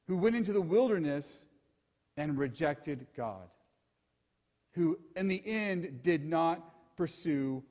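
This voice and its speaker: Guy pastor preaching, pretty high voice, earnest and emphatic, long echo like a big church hall. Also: darkish tone. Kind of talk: sermon.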